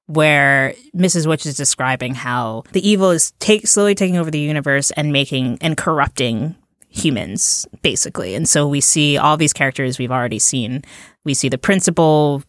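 Deep-voiced woman, giggly and chatty. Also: moderate pace, no echo, studio quality. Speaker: podcast co-host. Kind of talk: casual movie discussion.

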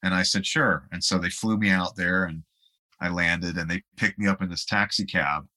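A man's voice: deep voice, fairly even intonation, normal speed, pushed and bright. A man, a guest musician, telling rambling anecdotes in a casual interview and laughing along the way.

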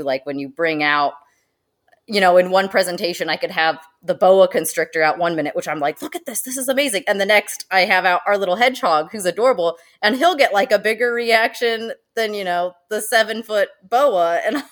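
Chatty, lower-pitched woman guest. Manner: animated and chatty, laughs often, uses many fillers. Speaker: zoo education manager, guest. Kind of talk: casual podcast interview.

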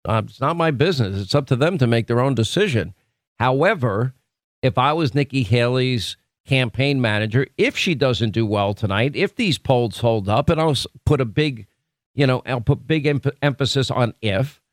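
A man's voice: mid-range voice, expressive, moderate pace, no echo. Guy doing a talk radio rant, dry close studio mic, casual and pushy, keeps restarting sentences. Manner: conversational, emphatic, self-correcting. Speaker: radio talk show host. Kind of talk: opinionated talk radio monologue. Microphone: studio microphone.

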